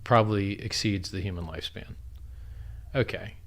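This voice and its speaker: A man's voice: fairly low pitch, moderate pace. A man chatting casually on a livestream, blunt and profane, laughing at how absurd things get. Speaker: livestream guest and crypto founder.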